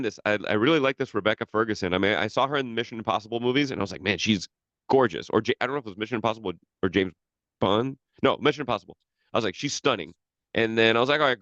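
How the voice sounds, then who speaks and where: A man's voice: on the low side, fairly bright tone, no echo, muffled recording. A man co-hosting a podcast in casual chat, rambling with lots of restarts and casual swearing. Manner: rambling, profane, many restarts. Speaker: podcast co-host.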